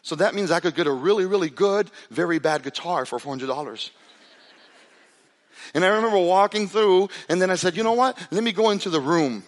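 A man preaching a sermon as pastor, telling a story with animated delivery that drops to a hushed, intense tone. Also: sits high, a little fast. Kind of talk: sermon with storytelling and altar call. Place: church sanctuary. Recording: reverberant hall with soft music behind.

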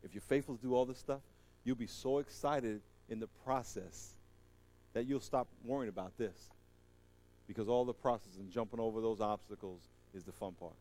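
A middle-aged male pastor delivers a sermon at normal speed, swinging between loud, high-pitched exhortation and a hushed closing prayer.

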